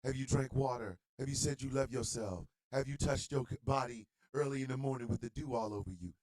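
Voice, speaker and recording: A man mockingly putting on the voice of a smarmy male social media influencer, speaking in a soft, cooing, mock-tender way. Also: mid-range voice, brisk, voice pushed down, lightly acted, rough recording.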